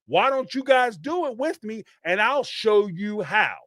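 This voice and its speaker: A man, hosting a podcast and ranting in an animated, emphatic way, with some swearing and repeated phrases. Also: sits high, measured pace, no echo, studio quality. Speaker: podcast host. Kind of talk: casual commentary rant.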